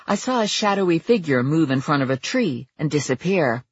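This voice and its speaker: A woman narrating a first-person audiobook in a lively, expressive way. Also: deep voice, fairly quick, slightly rough, dull audio.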